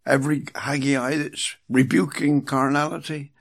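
Slow gravelly preacher man. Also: medium pitch, fairly even intonation. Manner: slow, emphatic preaching with dramatic drops in volume. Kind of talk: sermon.

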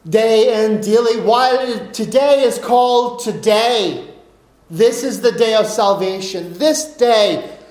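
A man's voice: high voice, slow, darkish tone, echoey room. A man preaching a sermon in an earnest way, often repeating and restarting his words.

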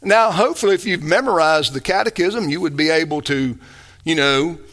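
High, bright-voiced preaching man. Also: normal speed. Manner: earnest, emphatic preaching with rising bursts. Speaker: pastor. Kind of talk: sermon.

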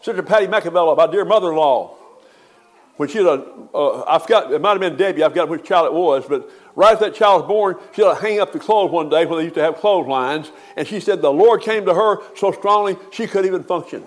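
Older man, high-voiced pastor; folksy funeral sermon with emphatic swells. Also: fairly quick.

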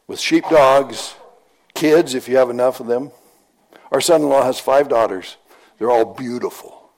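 A man's voice: medium pitch, a little mellow. Folksy conversational male preacher. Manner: conversational, folksy storytelling with repetition. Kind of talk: sermon.

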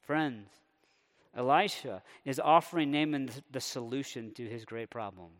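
A man preaching a sermon, animated and conversational, sometimes voicing a character's indignant thoughts. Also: mid-range voice, normal speed. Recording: long hall reverb.

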